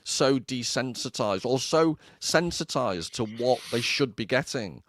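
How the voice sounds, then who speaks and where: A man's voice: medium pitch, lively intonation, a little slow, fairly bright tone, dry recording, studio quality. A man with an Irish accent co-hosting a casual literary discussion, wry and self-deprecating, prone to digressions. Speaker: podcast co-host.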